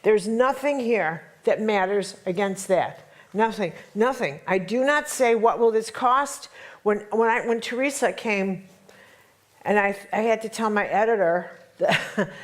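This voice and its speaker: A middle-aged woman telling a dramatic story to a workshop audience, emphatic and full of repetitions. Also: mid-range voice. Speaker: workshop teacher.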